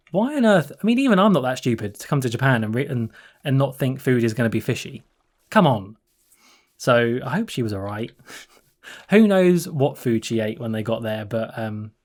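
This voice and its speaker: A man who hosts a channel, chatting casually and rambling through a story, laughing often and restarting his sentences. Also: mid-range voice. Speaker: channel host.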